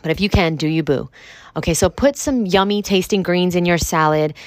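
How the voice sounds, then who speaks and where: A young woman hosts her podcast in a loose, blunt rant, swearing freely and padding her sentences with "like." Her voice sits a little low for a woman. The recording is dry and close, with no room echo. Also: a little fast. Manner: blunt, profane, lots of "like" fillers. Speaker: podcast host. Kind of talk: casual ranting monologue. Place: home with construction noise outside.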